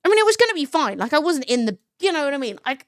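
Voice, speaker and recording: A woman's voice: sits high, sing-song, very fast, dry recording, clean studio sound. A young woman live-streaming, chatting casually with her chat, swearing freely and laughing often.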